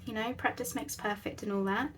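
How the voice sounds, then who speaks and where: A woman's voice: a little high, fairly even intonation, a little fast, fairly bright tone, slight background noise. A woman hosting a casual craft tutorial, chatting in a rambling, self-deprecating way at her craft table at home. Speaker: crafting channel host.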